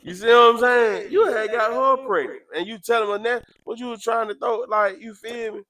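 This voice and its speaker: A man chatting casually, telling a story with animated, loud acted-out quotes. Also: moderate pace. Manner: animated, acts out quotes with sudden loud jumps in pitch. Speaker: podcast host.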